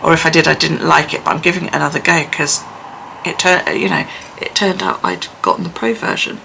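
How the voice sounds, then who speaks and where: A woman's voice: low-pitched, big pitch swings, fairly quick, gravelly, bright, forceful tone, a little hiss or hum. A woman vlogging on her phone, rambling casually, sometimes swearing and often dropping to a near whisper. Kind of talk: casual chat. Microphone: phone held by the speaker.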